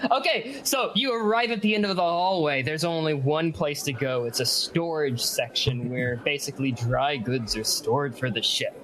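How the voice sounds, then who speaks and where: A woman's voice: low-pitched, a bit bright, a little hiss or hum. A woman narrating as game master, loose and chatty, full of fillers. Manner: loose, filler-heavy narration with quick voiced asides.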